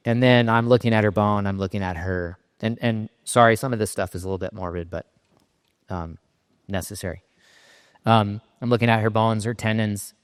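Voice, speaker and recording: A middle-aged man from Southern California giving a keynote talk, telling a personal story in a halting, emotionally raw way with frequent restarts. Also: fairly low pitch, smooth. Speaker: keynote speaker. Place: conference stage in a large hall. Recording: reverberant hall sound.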